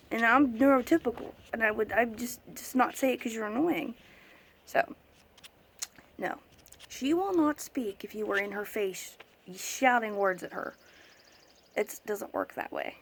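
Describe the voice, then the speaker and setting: Exasperated woman with a gravelly edge. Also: fairly high pitch, a little hiss or hum. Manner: exasperated, emphatic, mimics other people. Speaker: vlogger, autism parent. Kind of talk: casual vlog rant.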